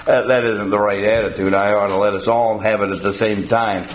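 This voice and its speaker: A man preaching a sermon to his congregation in a folksy, halting way, often pausing on "uh" and chuckling. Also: on the low side, steady tone, roomy sound, poor audio. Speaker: pastor.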